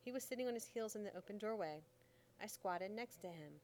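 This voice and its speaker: A woman reads a story aloud in the first person, steady and unhurried, with folksy dialect phrasing. Her voice sits in a middle pitch for a woman, and the delivery stays even as she tells the story. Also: slight background noise. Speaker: audiobook narrator.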